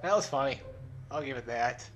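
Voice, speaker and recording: A man's voice: medium pitch, lively intonation, normal speed, music in the background. Rambling young man narrating his gameplay. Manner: rambling, self-mocking, swears and laughs often. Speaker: let's play host. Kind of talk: casual gameplay commentary.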